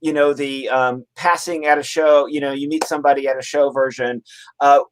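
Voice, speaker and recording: A man hosting a casual talk show, setting up his guest with a rambling question. He hesitates and restarts often and leans on fillers. His voice sits in an average middle pitch. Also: fairly even intonation, slight background noise. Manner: halting, many fillers and restarts. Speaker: podcast host.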